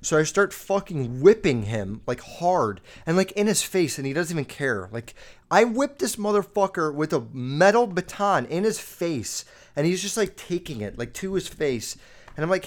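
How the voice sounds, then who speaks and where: A man hosting a podcast, telling a story in a rambling, foul-mouthed way, full of "like", his voice jumping up and down as he gets worked up. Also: normal speed. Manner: rambling, heavy swearing, lots of "like"; animated, jumping up and down in pitch while recounting. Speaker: podcast host. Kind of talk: casual storytelling monologue.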